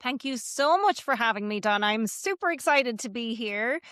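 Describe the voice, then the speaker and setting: A woman's voice: fairly high pitch, expressive, normal speed, a bit bright, no room sound, studio quality. A middle-aged Irish woman, a business coach, talking at length and with enthusiasm as a podcast guest. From Ireland. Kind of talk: podcast interview.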